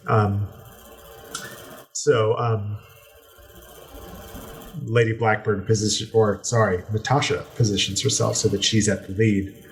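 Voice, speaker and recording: Slow, unhurried male game master. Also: fairly low pitch, flat delivery. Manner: unhurried, descriptive, many fillers. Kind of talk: narrating a tabletop game.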